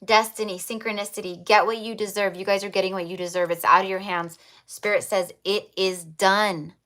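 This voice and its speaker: A woman's voice: medium pitch, steady tone, brisk, fairly bright tone. A woman giving a livestreamed tarot reading, chatty, repeating her affirming spiritual phrases. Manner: chatty with fillers. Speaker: tarot reader.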